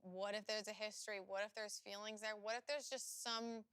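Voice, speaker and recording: A woman's voice: mid-range voice, steady tone, fairly quick, fairly bright tone, smooth, no echo, studio quality. A woman co-hosting a casual chat and spinning theories about the story. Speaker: co-host.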